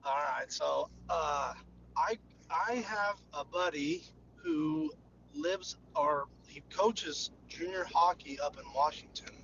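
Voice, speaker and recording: A man's voice: on the high side, lively intonation, slow, creaky, a bit bright, highs cut off, a little hiss or hum. A man calling into a sports show, telling a meandering story in a conversational way. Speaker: caller. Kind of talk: call-in phone conversation.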